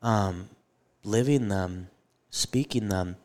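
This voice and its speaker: A man's voice: lowish voice, takes it slowly, a little mellow. A man co-hosting a live podcast, telling stories animatedly with a joking, self-deprecating humor. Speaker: podcast co-host, theology teacher. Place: live event before an audience.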